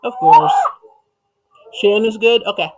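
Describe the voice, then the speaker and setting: High-voiced chatty livestream host, man. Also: huge pitch swings, unhurried, a little mellow, a little hiss or hum, poor audio. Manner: chatty, reads viewer comments aloud and laughs often. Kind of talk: casual livestream chat.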